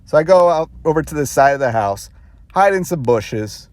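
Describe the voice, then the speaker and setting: A man's voice: fairly high pitch, animated, moderate pace, a little mellow, no room sound. A man vlogger telling a rambling story casually, with self-conscious laughs.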